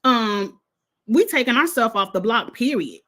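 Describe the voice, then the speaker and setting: Woman, fairly high voice, profane, heated, animated casual rant. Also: measured pace. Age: adult with a son in college. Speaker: vlog host reacting to a reality show. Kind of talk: casual reaction commentary.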